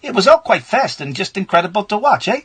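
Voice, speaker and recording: A man's voice: sits high, very animated, quick pace, a bit bright, breathy edge, no echo, pitched above the performer's own voice, heavily acted. A man putting on a Canadian accent to voice a female witness, ending lines with "eh". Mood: earnest. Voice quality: quoting with a tagged-on "eh". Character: Canadian woman witness saying eh.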